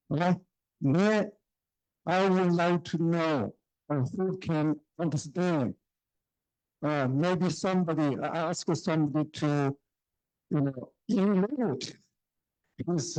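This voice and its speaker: A man's voice: a little high, a little mellow, dry recording, poor audio. A male professor from China lecturing in English, hesitant with many fillers, often checking in with the audience. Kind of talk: university lecture. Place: lecture room.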